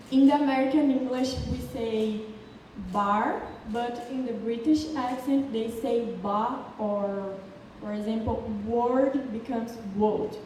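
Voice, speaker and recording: A woman's voice: high-pitched, warm tone. A woman speaking English with a Brazilian Portuguese accent, giving a prepared student presentation, explaining carefully and stumbling now and then. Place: large city council chamber. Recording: echoey hall from far off with faint noise.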